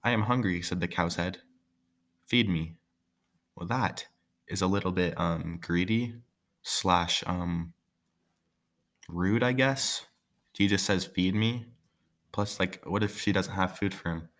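A man's voice: sits low, a little slow, fairly bright tone. A man reading a folk tale aloud, breaking off for joking, offhand asides. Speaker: story reader.

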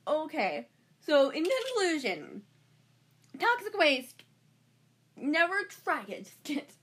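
A woman talks on her own podcast in an unhurried, drawn-out way. Her voice sits high and leaps up and down with every reaction, and she breaks into giggles mid-sentence. She is dramatic and casual, now and then dropping to a soft whisper. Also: poor audio. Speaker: podcast host. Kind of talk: casual solo podcast chat.

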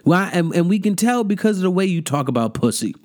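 A young man ranting in a mocking, profane comedic monologue, jumping into high incredulous outbursts. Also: big pitch swings, fast talker, a little mellow. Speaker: comedic commentator.

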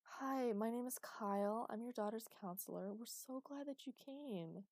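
A woman's voice: fairly high pitch, a little slow, a little mellow, no echo, pitched above the performer's own voice. Brief: chirpy young counselor guy, read by a woman, close, dry sound. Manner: chirpy, eager. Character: overly friendly young male camp counselor.

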